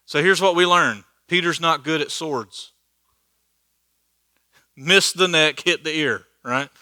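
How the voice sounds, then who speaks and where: A man's voice: on the high side, slow pace, sharp tone, clean tone, no room sound. A man teaching a church Bible study in a conversational, joking way, laughing at his own asides. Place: church hall.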